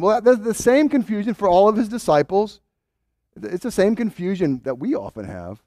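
A man preaching a sermon in a high, very lively voice that swoops up and down. He acts out doubting voices as he goes, with quick restarts. The sound is dry and close. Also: no room sound. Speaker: pastor.

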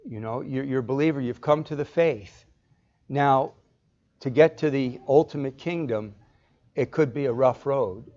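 A man's voice: medium pitch, darkish tone, dull audio. A male pastor delivering an expository sermon, explaining step by step and putting rhetorical questions to the congregation.

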